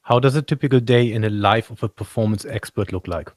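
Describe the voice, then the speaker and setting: A man's voice: lowish voice, quick pace, no echo. A man hosting an interview, asking brief, direct questions. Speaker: interviewer, host.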